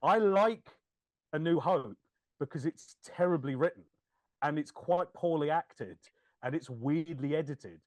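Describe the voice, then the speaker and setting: Animated man with lively pitch. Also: a little slow, no echo. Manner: animated, laughing, swears, acts out quoted lines. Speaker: podcast co-host. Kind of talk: casual chat.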